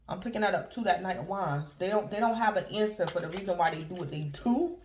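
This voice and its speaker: A woman's voice: medium pitch, quick pace, few pauses, a little mellow. A woman giving a casual tarot reading to her viewers, talking in a loose, repetitive, conversational way. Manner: repetitive, conversational, keeps addressing the collective. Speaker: tarot reader.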